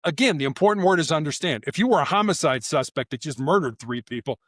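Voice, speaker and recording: A man, a former SWAT officer, answering interview questions in an animated storytelling way and acting out quoted lines in voices. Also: fairly high pitch, quick pace, dry recording, clean studio sound.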